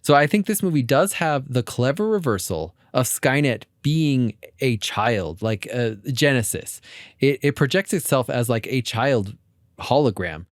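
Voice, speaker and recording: Male podcast co-host, expressive swinging pitch, giggly, dry close mic. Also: a little slow, no echo. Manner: animated, laughs often, acts out lines from scenes. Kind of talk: casual film chat.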